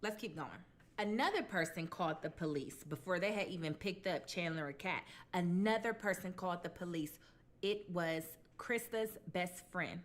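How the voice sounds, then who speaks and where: A woman's voice: fairly low pitch, normal speed. A woman hosting a mukbang, casually telling a true crime story with blunt, colloquial asides. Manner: chatty, conversational, retells dialogue in quoted voices.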